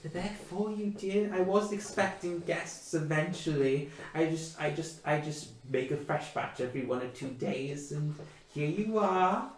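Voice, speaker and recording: A man's voice: a little high, unhurried, pitched above the performer's own voice, natural voice. A man voicing a chatty, sweet elderly woman in her seventies or eighties who rambles and is bluntly fussy. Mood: doting. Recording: echoey room.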